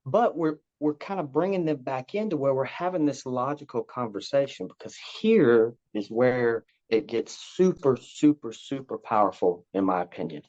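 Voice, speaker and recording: A man talking casually as a podcast guest, rambling through his points and circling back to repeat them. His voice sits at an ordinary middle pitch. The recording sounds a little dull and lo-fi. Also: expressive, moderate pace, few pauses, darkish tone. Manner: rambling, repeats words, acts out parent and child lines. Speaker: guest, parenting coach. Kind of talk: casual conversational explaining.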